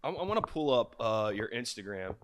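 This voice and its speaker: A man's voice: fairly low pitch, big pitch swings, a little fast, fairly bright tone. A man hosting a casual podcast interview, who talks in a loose, rambling way full of fillers. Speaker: podcast host.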